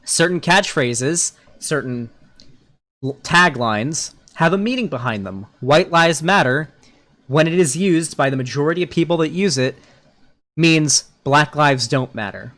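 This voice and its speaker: A man's voice: a little high, expressive, a little slow, fairly bright tone. A man casually reacting to a video clip, mocking it and swearing freely. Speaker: political commentary youtuber.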